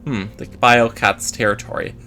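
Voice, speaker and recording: A man reading the lines of a calm, decisive male cat detective. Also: mid-range voice, moderate pace, a little hiss or hum.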